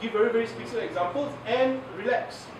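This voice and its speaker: A man's voice: very high voice, fast talker. A man with a Malaysian English accent giving a chatty workshop lecture, laughing often and mixing in Malay words. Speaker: media communication trainer. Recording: echoey, from far off, noisy.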